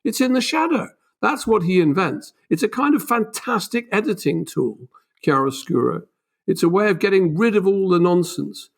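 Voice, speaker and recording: A man talks as a guest author in a lively, emphatic way, his voice jumping higher to stress a point. He sits fairly high for a man and keeps pressing ahead with restarts and asides. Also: moderate pace, gravelly. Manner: animated, emphatic, voice leaps up on key points. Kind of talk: conversational explanation.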